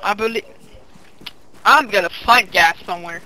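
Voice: medium pitch, moderate pace, background noise. A gamer chatting casually while playing, swearing freely and trash-talking enemies. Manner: profane trash talk. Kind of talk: casual gameplay chat.

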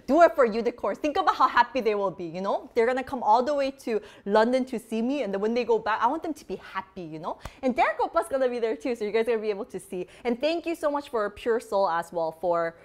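Bubbly chatty woman, lively high voice. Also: fast, hardly any pauses. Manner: bubbly and chatty, many "like" fillers. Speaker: beauty vlogger host. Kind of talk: casual live product demo chat.

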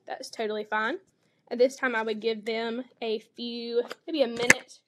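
Lady teacher walking through a kids book lesson, higher voice, explains as she goes, does the animal noises. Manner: explanatory, reads animal sounds with bright expression. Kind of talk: model lesson demonstration.

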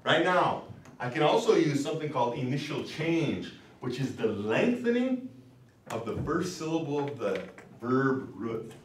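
A language instructor teaches a classroom lesson, patiently quizzing his students while he explains vowels and word patterns. His mid-range voice has a sing-song lilt and a measured pace. It was recorded from a distance in a roomy classroom, with slight background noise.

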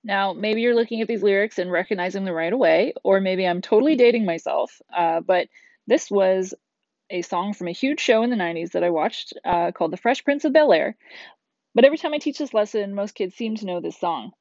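A woman's voice: mid-range voice, expressive, fairly quick, a little mellow, dry recording. Woman teacher, middle-aged, chatty explainer; dull lo-fi voice-over with no room sound. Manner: chatty, explanatory, with casual asides. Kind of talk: recorded classroom lesson. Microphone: tablet screencast voice-over.

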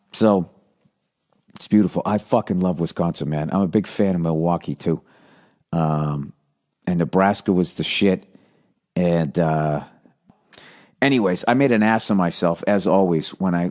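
A middle-aged American podcast host delivers a casual solo monologue, a loose, profanity-laced story that drifts from tangent to tangent. His fairly low voice has a darkish tone, and he slips into quick mock voices along the way.

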